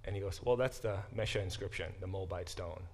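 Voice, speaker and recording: A middle-aged Bible professor gives a classroom lecture, explaining terms step by step in an easygoing, conversational manner. His voice sits low and moves fairly quickly.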